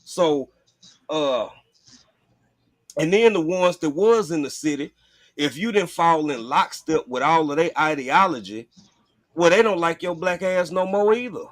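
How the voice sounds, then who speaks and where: A man hosts a casual chat in a slightly high voice. He talks bluntly and profanely. The sound is dry and close, with no room in it. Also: lively intonation, measured pace, long pauses, no echo. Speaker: host.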